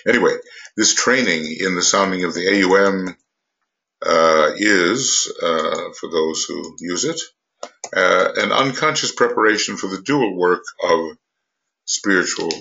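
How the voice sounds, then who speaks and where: An older esoteric teacher speaks about spiritual matters without a script, in a very deep yet bright, forceful, creaky voice. His delivery is halting, with frequent pauses, fillers and restarts as he circles back to his thoughts. The recording sounds dull and lo-fi.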